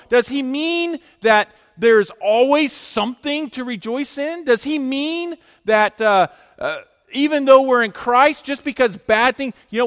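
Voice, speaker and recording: A male pastor preaching a sermon, emphatic, swinging between loud declarations and hushed lines. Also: extremely high pitch, expressive, unhurried, in a large hall.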